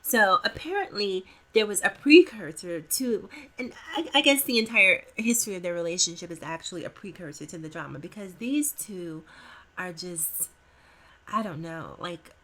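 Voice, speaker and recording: A woman's voice: lowish voice, animated, moderate pace, fairly bright tone, slight background noise. A woman hosting a casual gossip commentary vlog, playful and talking straight to her viewers.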